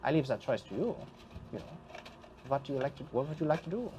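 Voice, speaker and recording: A man's voice: mid-range voice, big pitch swings, fast, mellow, highs cut off, a little hiss or hum, close to an everyday voice. A man voicing a sly, playful male ghost who hosts twisted games, speaking in a teasing sing-song.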